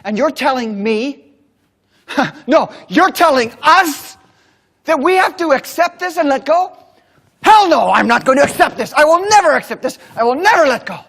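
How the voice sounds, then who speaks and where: A man acting out a furious, indignant rural worker who shouts during a keynote story. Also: very high voice, big pitch swings, moderate pace, pitched above the performer's own voice, exaggerated voice.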